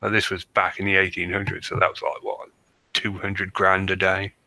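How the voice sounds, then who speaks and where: Podcast co-host, bright cutting voice, lowish pitch, jokey reader with asides. Dry, close mic. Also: male voice, monotone, normal speed, creaky, no room sound, poor audio. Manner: jokey, reads notes with asides. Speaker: podcast co-host reading research. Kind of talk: casual podcast chat.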